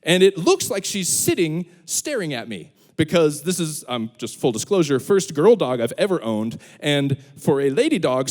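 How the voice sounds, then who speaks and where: Lively high-voiced young pastor. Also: male voice. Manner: animated storyteller, acts out voices. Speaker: student pastor. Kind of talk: youth sermon with humor. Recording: long hall reverb.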